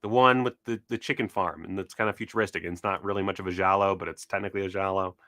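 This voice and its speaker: A man giving rambling, excitable, profane commentary as he browses film releases, often losing his train of thought. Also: low-pitched, racing, no room sound, clean studio sound. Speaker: cult film video host. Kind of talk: casual unscripted browsing commentary.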